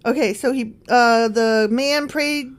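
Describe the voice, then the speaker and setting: A woman's voice: a little high, fairly even intonation, slow pace. A woman co-hosting a casual Bible-study chat, reading aloud and joking with some swearing. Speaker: podcast co-host.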